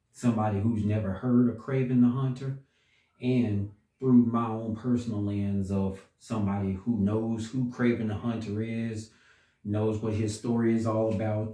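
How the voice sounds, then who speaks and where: A man giving a casual, unhurried movie review, pausing and restarting often as he thinks. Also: fairly low pitch, dark tone. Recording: roomy echo, distant from mic.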